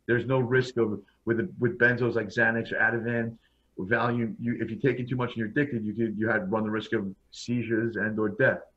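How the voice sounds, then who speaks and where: Man, podcast guest, frank and blunt storytelling, lots of restarts, somewhat low voice, muffled lo-fi audio. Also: flat delivery, brisk, slight background noise. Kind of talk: personal storytelling in a casual interview. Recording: dull lo-fi sound.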